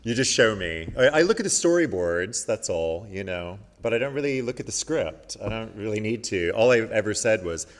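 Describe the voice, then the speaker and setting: A man with a bright, lively voice jokes playfully during a panel chat. His speech has a lowish base and a big swing in pitch. The long reverb of a hall surrounds it. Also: moderate pace, few pauses. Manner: playful and joking. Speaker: actor on a convention panel. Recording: echoey hall.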